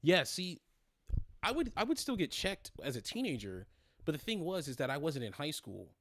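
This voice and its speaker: A man's voice: a little high, very animated, normal speed, fairly bright tone, no room sound, clean studio sound. A man in his twenties hosting a casual livestream chat, rambling and profane, full of fillers and restarts. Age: 20s. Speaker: streamer host.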